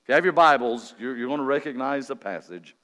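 A visiting male revival preacher gives a folksy, joking sermon, swinging from quiet asides to loud emphatic calls. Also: medium pitch, expressive, fast talker. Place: church sanctuary during an evening meeting. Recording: long reverb of a large church hall.

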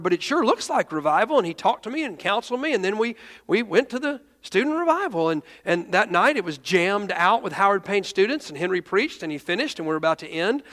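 A man's voice: fairly high pitch, a bit bright, long reverb tail. A male pastor telling a story in a sermon, emotional, often restarting his sentences and raising his voice when he quotes others.

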